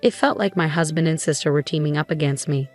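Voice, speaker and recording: A woman narrates a dramatic first-person story in an even, steady voice. Her pitch sits on the low side. Soft music plays faintly behind her. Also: quick pace.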